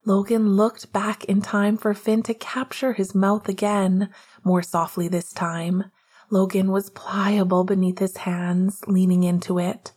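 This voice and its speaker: A woman reading romance narration in a hushed, half-whispered voice. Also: mid-range voice, flat delivery, unhurried, husky. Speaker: audiobook narrator.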